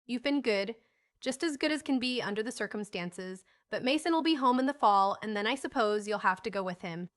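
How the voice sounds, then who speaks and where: A woman voicing a bossy, impatient old gentleman in an audiobook, brusque and quick to snap. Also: on the high side, lively intonation, natural voice.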